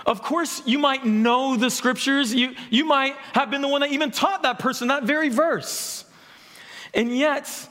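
Young male pastor, high voice, earnest chatty sermon, long hall reverb. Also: fairly bright tone. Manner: earnest, conversational preaching with audience questions.

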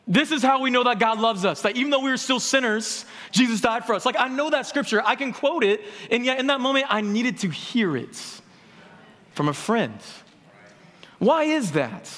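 A man's voice: high-pitched, a bit bright. A young man preaching a sermon in an earnest, conversational way, asking the audience questions. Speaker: pastor. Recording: long hall reverb.

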